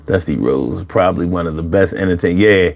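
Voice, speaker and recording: A man hosting a casual live chat, animated and profane, laughing often as he talks. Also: low-pitched, fairly quick, creaky. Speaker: livestream host reading chat.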